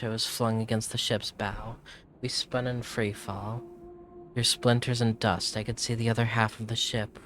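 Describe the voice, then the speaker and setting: A man's voice: on the low side, a bit bright, a little hiss or hum, close to an everyday voice. A man reading aloud in a put-on British accent as a reluctant female travel writer, theatrical and stumbling over words. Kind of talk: reading in-game text aloud. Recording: game music underneath.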